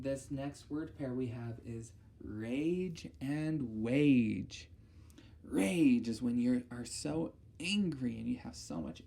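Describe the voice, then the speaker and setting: A woman speech therapist leading a listening lesson, enunciating each target word slowly and carefully, with a patient, encouraging tone. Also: a bass voice, gravelly, warm tone, slight background noise. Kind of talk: auditory discrimination lesson for children.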